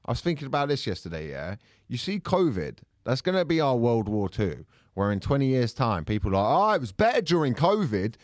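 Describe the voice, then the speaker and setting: A man's voice: mid-range voice, very animated, fairly quick, dry recording, clean studio sound. A man co-hosting a casual podcast chat, ranting with profanity and slipping into mocking voices for laughs. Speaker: podcast co-host.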